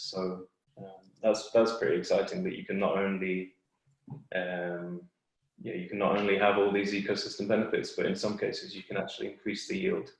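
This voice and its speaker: Low-voiced man in a very echoey room. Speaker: webinar guest expert. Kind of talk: explaining to a webinar audience.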